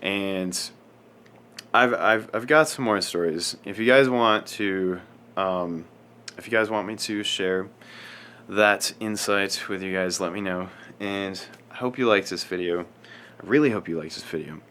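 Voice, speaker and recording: A man telling a story to camera in casual vlog style, rambling and scatterbrained, swearing often and speaking in a self-described monotone. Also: sits low, measured pace. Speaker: fitness vlogger.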